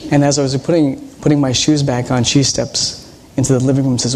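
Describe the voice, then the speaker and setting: A man preaching a conversational sermon as a pastor, telling personal stories in a relaxed, hesitant way with frequent ums and restarts. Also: medium pitch, fast talker, slight background noise.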